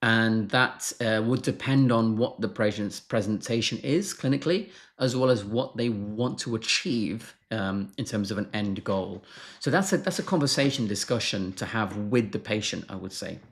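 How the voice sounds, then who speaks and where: A man's voice: fairly low pitch, moderate pace. A man who is a doctor answering viewer questions on a live stream, frank and blunt, brushing off marketing claims.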